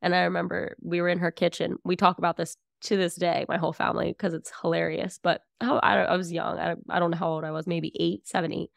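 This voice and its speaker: Husky-voiced young woman telling stories. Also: on the low side, fast, hardly any pauses, dry recording, clean studio sound. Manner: outspoken, animated storytelling with many fillers. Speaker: podcast guest. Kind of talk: casual conversation.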